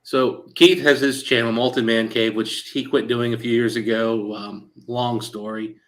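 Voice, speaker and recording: A man hosting a casual chat show, telling an anecdote and quoting others in lively back-and-forth with lots of "like" and "he goes". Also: medium pitch, measured pace. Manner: animated storyteller quoting others in dialogue; frequent fillers like "like" and "he goes". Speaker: show host.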